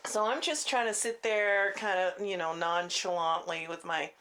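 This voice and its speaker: A woman vlogger telling a personal story in a casual, halting way, full of restarts and "you know", on a clip-on mic. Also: lowish voice, fairly even intonation, sharp tone. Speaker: faith vlogger. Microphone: clip-on mic she keeps bumping.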